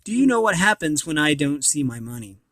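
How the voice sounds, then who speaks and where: A cruel, sneering loan shark who hisses his threats from a storybook, as a man reads him aloud. The tone is bright and a touch high, and the sound is close and dry. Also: sing-song, a little fast, no room sound. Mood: menacing. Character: menacing male loan shark, cold and cruel.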